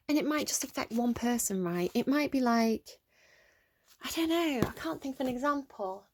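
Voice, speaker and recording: A young English woman giving a casual tarot reading, rambling and giggly, excitable as she reads out the cards. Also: high-pitched, normal speed. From England. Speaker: tarot reader.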